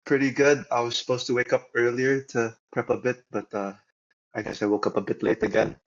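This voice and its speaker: A man's voice: mid-range voice, steady tone, fairly quick, muffled recording. A young man speaking as a guest on a church podcast, easygoing and chatty, laughing often as he talks. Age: young adult. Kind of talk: casual podcast chat.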